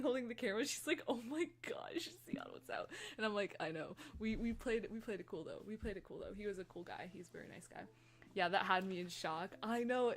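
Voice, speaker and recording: A young woman chatting casually and excitably with viewers on a live stream from her room, rambling from one story to the next. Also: medium pitch. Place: her room, fan running.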